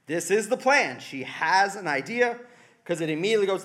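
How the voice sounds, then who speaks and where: Man, preacher, sermon, high voice, bright tone, wry, conversational, acts out quotes. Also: animated, moderate pace.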